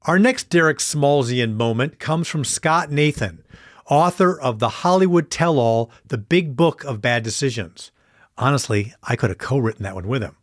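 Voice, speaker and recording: A man's voice: mid-range voice, moderate pace, no echo. A man hosting a podcast, introducing the next story with a wry aside. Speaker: podcast host. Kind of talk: introducing segments.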